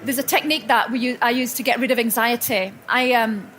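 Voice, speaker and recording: Brisk and high-voiced, a woman delivers a motivational talk at a personal growth expo, with slight background noise in the hall. Her storytelling is warm, punctuated by frequent restarts and self-corrections before the live crowd.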